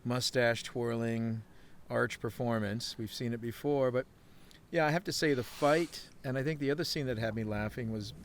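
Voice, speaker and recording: A man's voice: mid-range voice, fairly even intonation, normal speed, a little hiss or hum. Enthusiastic man chatting about a film. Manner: enthusiastic, talks in long run-on thoughts. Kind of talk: casual film discussion.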